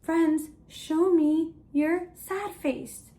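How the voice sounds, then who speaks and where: A woman teaching a language lesson for toddlers, talking slowly and playfully while acting out feelings. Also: high-pitched, lively intonation, darkish tone. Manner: slow, playful, exaggerated emotions for kids.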